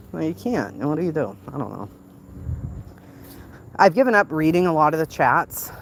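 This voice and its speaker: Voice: medium pitch, big pitch swings, unhurried, slight background noise. A livestream host in casual commentary, snarky and profane, laughing often.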